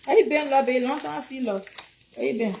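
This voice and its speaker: A woman's voice: high voice, fairly quick, creaky, mellow, slight background noise. A woman with a Liberian English accent hosting a casual livestream, chatty and preachy as she urges viewers to give donations. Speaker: livestream host.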